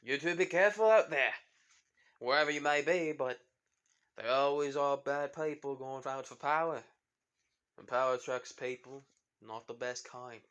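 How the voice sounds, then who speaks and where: Cocky pirate captain guy, loud and offhand, man doing the voice, fan story telling. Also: mid-range voice, normal speed, clear, resonant tone, lightly acted. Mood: warning.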